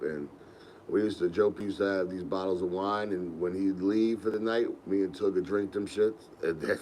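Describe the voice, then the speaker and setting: A man's voice: fairly low pitch, slight background noise, poor audio. A young man, hosting a podcast and telling rambling, laid-back stories with laughs. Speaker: podcast host. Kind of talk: casual storytelling.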